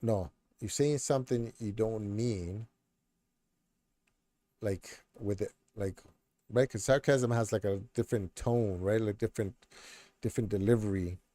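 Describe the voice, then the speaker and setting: A man's voice: fairly low pitch, a little slow, long pauses, warm tone. A middle-aged man hosting a casual chat stream, rambling with lots of fillers and restarts. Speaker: streamer host.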